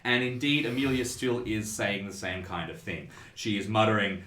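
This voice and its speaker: A man narrating a horror tabletop game as game master, in a relaxed, chatty way. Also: lowish voice, moderate pace, few pauses. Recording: roomy echo.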